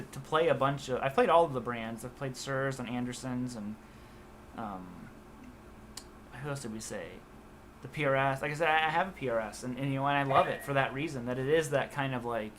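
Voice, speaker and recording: A man's voice: medium pitch, slight background noise. A young man hosting a live guitar stream, rambling casually and reading viewer comments aloud. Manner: rambling, relaxed, reads chat comments aloud. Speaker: guitar channel host.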